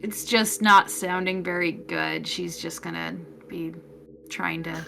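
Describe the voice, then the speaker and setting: Woman player narrating her character's actions, with clear background noise. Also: fairly low pitch, huge pitch swings, takes it slowly, pushed and bright. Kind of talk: casual tabletop game chat. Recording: noisy background.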